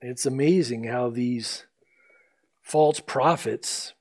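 A man preaching a sermon as pastor, emphatic, slowing down to stress scripture and swinging his voice up and down. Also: mid-range voice, a little mellow.

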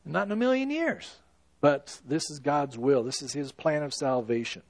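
A man preaching with earnest emphasis, his fairly high voice rising to loud stresses and dropping to hushed, slow lines. The sound is dry and close, with no room echo. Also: animated. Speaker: pastor. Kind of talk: sermon.

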